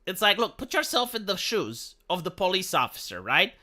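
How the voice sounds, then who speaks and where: A Romanian male live streamer rants with heated, profane indignation, stumbling and restarting his sentences. His very bright, sharp-edged voice is sing-song at a moderate pace, its pitch swinging widely.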